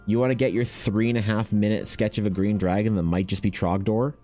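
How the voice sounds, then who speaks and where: A man streaming while he paints, chatting casually and ranting with animated swearing. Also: fairly low pitch, a little fast, soft background music. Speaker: artist streamer.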